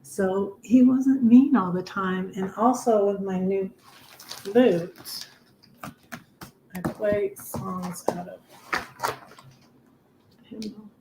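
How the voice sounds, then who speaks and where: A middle-aged woman hosting a casual livestream, chatting softly and reading her own poems in a rambling, soft-spoken way. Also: mid-range voice, steady tone, drawn-out words, pauses often, a little hiss or hum, poor audio. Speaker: livestream host.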